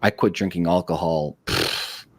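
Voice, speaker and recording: A man hosting a podcast, telling blunt, profane stories in a fast, hyperactive way. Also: very animated, creaky, fairly bright tone, no room sound. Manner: blunt, profane, high-energy storytelling; self-described hyperactive. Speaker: podcast host. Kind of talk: casual interview chat.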